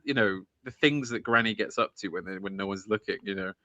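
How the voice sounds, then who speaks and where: A man hosting a casual chat, enthusiastic, halting and restarting, and often laughing. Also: lowish voice, bright, forceful tone, no echo, dull audio.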